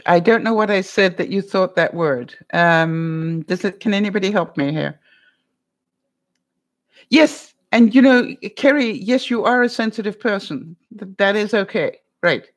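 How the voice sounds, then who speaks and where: A middle-aged woman hosting a live stream, chatting casually with viewers in a rambling way, with frequent laughs and many fillers. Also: mid-range voice. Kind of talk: casual chat reading viewer comments.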